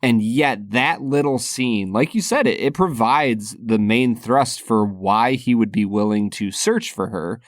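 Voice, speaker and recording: A man's voice: mid-range voice, measured pace, hardly any pauses, no echo, studio quality. A man co-hosting a podcast, talking casually and thoughtfully about a film and laughing often. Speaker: podcast co-host.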